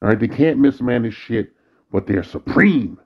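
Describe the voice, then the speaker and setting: A man rants into the camera in a bitter, worn-out monologue that is thick with cursing. His voice is gravelly and husky. The recording sounds dull and lo-fi. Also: mid-range voice, expressive, moderate pace. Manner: bitter, weary ranting, frequent cursing. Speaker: vlogger. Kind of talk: angry profane monologue.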